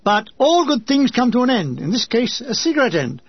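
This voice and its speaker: A man's voice: extremely high pitch, very animated, normal speed, slightly rough, no echo, highs cut off. A man reading a memoir in a dry comic storytelling manner. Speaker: narrator. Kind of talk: scripted memoir narration.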